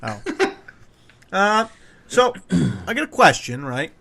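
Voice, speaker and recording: Male podcast host, bright and a touch high, joking and halting. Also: big pitch swings, vocal fry. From Wales. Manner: jokey, puts on accents, hesitant fillers. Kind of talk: casual podcast chat.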